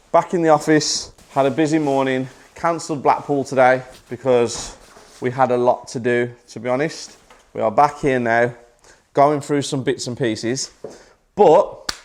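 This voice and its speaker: A British man chatting casually in a vlog, upbeat and joking, talking in quick bursts. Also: mid-range voice, a little mellow. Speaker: property investor vlogger.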